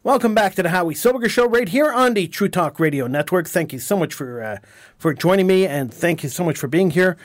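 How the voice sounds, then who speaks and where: High-voiced, indignant talk radio host. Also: male voice, animated, brisk, no room sound. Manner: emphatic, indignant, repeats words and phrases.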